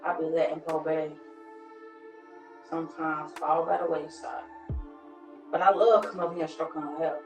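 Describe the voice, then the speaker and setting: A woman's voice: deep voice, level tone, normal speed, long pauses. A woman hosting a casual live stream, slangy, playful and coaxing. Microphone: phone. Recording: echoey room with faint music.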